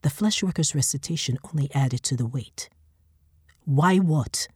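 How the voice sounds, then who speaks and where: A woman narrating a story in a calm, steady reading. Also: rumbling low, a little fast, breathy edge, dry recording, studio quality.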